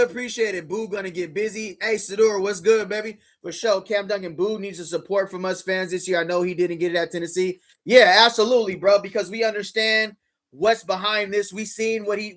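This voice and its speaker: High-voiced hyped male streamer. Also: steady tone, a little fast, a bit bright. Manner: slangy, hyped, talks straight to chat. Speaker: livestream host. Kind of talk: casual livestream reaction commentary.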